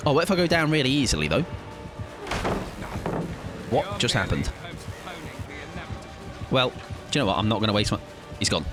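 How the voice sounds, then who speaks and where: A young man chats through his gameplay stream, joking and rambling. His pitch swings around in a lively, animated way, and faint game music plays under his voice. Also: normal speed, long pauses. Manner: playful, joking, chatty with goofy bits. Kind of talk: casual live-stream gaming chat.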